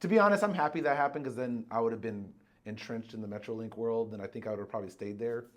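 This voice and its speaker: A man's voice: mid-range voice, fast talker. A man co-hosting a podcast, telling a work story in casual chat and acting out the people he quotes. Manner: animated, acts out quoted voices, swears freely. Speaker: podcast co-host.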